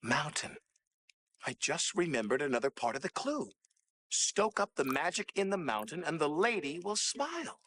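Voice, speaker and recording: A man playing a gentle, reassuring young magical conductor in a family film. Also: a little high, very animated, moderate pace, no echo. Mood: eager. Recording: film audio with music behind.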